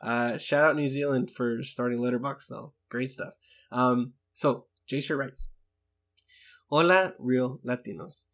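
A man's voice: mid-range voice, measured pace, fairly bright tone. An English man co-hosting a podcast, chatting enthusiastically and reading out listener emails. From England. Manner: enthusiastic, chatty, with many fillers. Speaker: podcast co-host.

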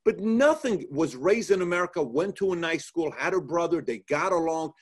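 A man hosting an interview, telling stories in a lively, animated way and acting out what people said. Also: on the high side, moderate pace, slightly rough. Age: adult, former soldier. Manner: animated storyteller, acts out quotes. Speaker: interview host. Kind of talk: casual interview conversation.

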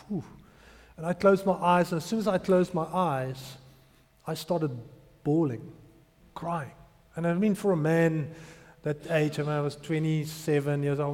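Man preaching in an echoing hall. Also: a little high. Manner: emotional storytelling, rising to loud emphasis. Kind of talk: sermon testimony. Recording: long hall reverb.

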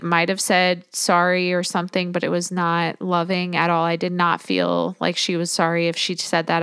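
A woman's voice: on the low side, a bit bright, smooth, no echo, clean studio sound. A young adult woman hosting a podcast, telling her personal story in a candid, emotional and sometimes indignant way. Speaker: podcast host.

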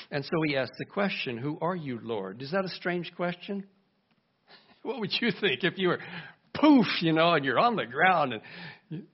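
A pastor preaches a lively sermon, acting out the voices he quotes and asking his congregation questions. His voice is on the high side and slightly rough, captured in a dull, lo-fi recording.

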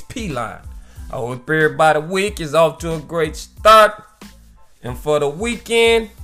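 A man's voice: high voice, a bit bright. A man hosting his own weekly podcast, ranting casually with loose, profane jokes and frequent "you know what I'm saying.". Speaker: podcast host. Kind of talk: casual solo podcast rant.

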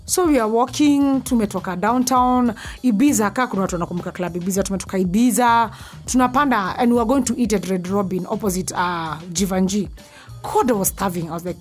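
A young woman, candidly telling a personal story and dropping to a hushed voice when it gets frightening. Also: medium pitch, lively intonation, fast. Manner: candid, intense, drops to a hushed voice at scary parts. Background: faint music.

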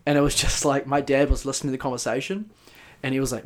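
Male podcast host, mid-pitched, loose rambling banter, laughs a lot. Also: flat delivery. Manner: chatty, quick to laugh, rambling storyteller.

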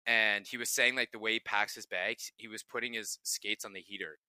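Bright-voiced man telling locker-room stories. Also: lowish voice, steady tone, a little fast, no room sound. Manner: profane, laughing anecdotes. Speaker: podcast co-host, pro hockey player. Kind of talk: casual storytelling chat.

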